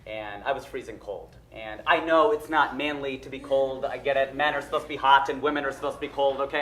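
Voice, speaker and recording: A man telling a funny personal story live, self-mocking and lively, with lots of ums and uhs. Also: medium pitch, quick pace, few pauses, a loud crowd. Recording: echoey stage room with loud noise.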